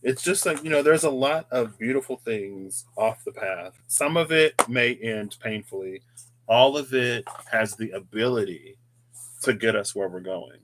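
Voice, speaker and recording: A man's voice: medium pitch, measured pace, a bit bright, a little hiss or hum. A man hosting a tarot reading video, musing aloud in a casual, rambling way with chatty asides. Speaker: tarot reader, channel host. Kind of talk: casual reflective monologue.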